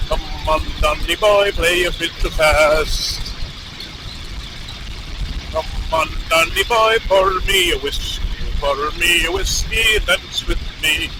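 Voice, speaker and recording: A man putting on a sing-song stage-Irish voice, chanting and half-singing as he coaxes someone to dance, with loud road noise behind. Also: fairly high pitch, lightly acted. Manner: lilting, chanting, half-sung.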